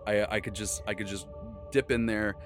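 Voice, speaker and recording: A man voicing a tempted adventurer who mutters greedily to himself in a low, hushed way. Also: steady tone, moderate pace, soft background music, lightly acted.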